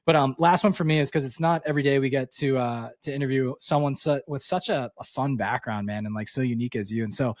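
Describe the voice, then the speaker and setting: A man's voice: mid-range voice, fast, hardly any pauses, dry recording, studio quality. A man co-hosting a podcast, asking rambling, friendly questions. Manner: rambling, friendly, restarts often. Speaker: podcast co-host. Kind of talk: casual interview questions.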